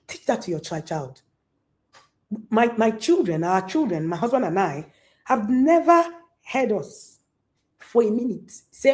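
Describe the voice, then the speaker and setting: Emphatic woman speaker, lively pitch. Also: normal speed. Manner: preachy, emphatic, repeats key lines; sometimes shouts at the audience. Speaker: conference speaker to parents. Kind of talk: motivational talk.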